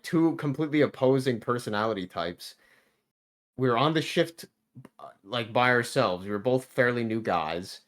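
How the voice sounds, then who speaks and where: A man in his thirties chats on a podcast in a laid-back, rambling way, packed with swearing and false starts. His voice sits at an ordinary middle pitch. He drifts from one thought to the next as he spins a work story. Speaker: podcast guest. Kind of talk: casual storytelling chat.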